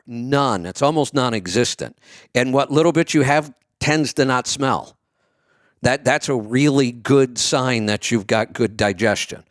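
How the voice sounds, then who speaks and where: A man's voice: mid-range voice, no echo, studio quality. A man hosting a call-in advice show, chatty and explaining at length. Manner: chatty, retells stories with acted quotes. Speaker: radio show host.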